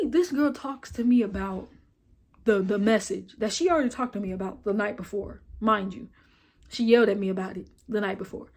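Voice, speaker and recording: A young woman vlogging her story in a casual, blunt and profane way. She is animated and acts out the dialogue as she retells it. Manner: retells scenes with quoted dialogue and filler like "boom, boom, boom".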